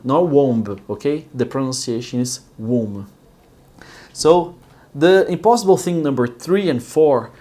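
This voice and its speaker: A Brazilian-accented man, a native Portuguese speaker, walks learners through Bible stories in simple English. He explains slowly and patiently and keeps checking that the listener follows. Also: mid-range voice, a little mellow. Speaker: English teacher.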